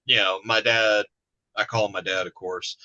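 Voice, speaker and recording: A man from Alabama, chatting in a relaxed, plain-spoken way as the interviewer. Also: fairly low pitch, normal speed, highs cut off. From Birmingham, Alabama. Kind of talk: casual chat.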